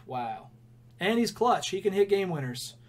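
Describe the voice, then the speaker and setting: A man's voice: sits high, very animated, measured pace. A young man co-hosting a casual sports podcast, rambling through stories and laughing often. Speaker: podcast co-host.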